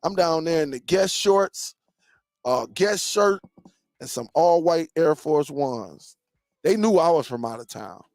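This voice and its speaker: Fairly high in pitch yet darkish in tone, his voice has lively intonation and a measured pace, with no echo. The man, in his forties, hosts a casual live chat, easygoing and full of stories, often saying "man."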